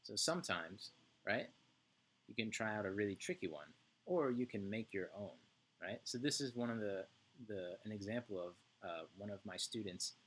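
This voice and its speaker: A man's voice: on the low side, animated, moderate pace, a bit bright, husky. A male music teacher giving an online lesson to young children, chanting rhythm syllables and checking in often with "right?".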